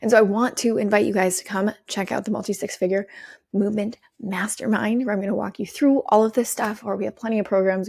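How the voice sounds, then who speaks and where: A woman hosting her own podcast, giving an energetic, swearing pep talk to her listeners. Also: mid-range voice, vocal fry, no echo, clean studio sound. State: out of breath. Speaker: podcast host and business coach. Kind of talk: solo podcast monologue.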